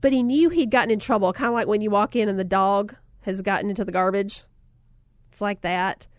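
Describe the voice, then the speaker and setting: Animated woman telling a faith story. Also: fairly high pitch, dry recording, clean studio sound. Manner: animated storyteller, acts out voices in anecdotes; conversational, addresses listeners as guys. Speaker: motivational speaker. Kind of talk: faith-based storytelling talk.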